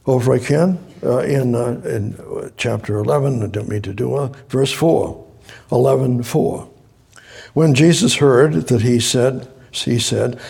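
Gravelly, husky man preaching scripture. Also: mid-range voice, unhurried, darkish tone. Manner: reads scripture aloud and breaks off to explain it; repeats phrases, rises to emphatic exhortation. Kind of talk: sermon.

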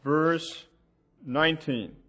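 Slow deliberate male Bible teacher. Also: a little high, fairly bright tone. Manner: slow, deliberate, asks the audience questions. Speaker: preacher.

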